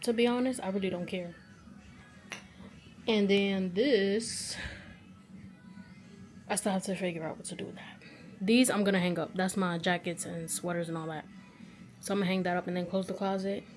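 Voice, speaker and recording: In her bedroom, a woman in her 20s from New York cleans up and talks casually to the camera, musing out loud over where to put things. Her mid-range voice carries a chatty, frequently uncertain tone.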